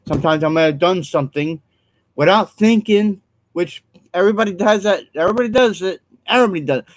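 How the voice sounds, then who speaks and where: A man's voice: a little high, low-quality recording. A man talking alone to his viewers in an earnest, rambling way, repeating himself, apologizing and trailing off with ums. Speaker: vlogger. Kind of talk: rambling solo vlog monologue.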